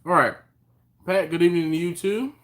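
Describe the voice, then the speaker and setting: A man's voice: high voice, brisk. Laid-back man chatting on a live stream. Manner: laid-back, chuckles often, greets viewers by name. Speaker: host of a barbecue live stream. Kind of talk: casual live-stream chat reading viewer comments. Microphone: phone on a mount.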